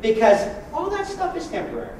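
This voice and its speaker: A man preaching a sermon as pastor, joking and lively with sudden loud bursts. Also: very high voice, brisk, heavy reverb, far from the mic, slight background noise, low-quality recording.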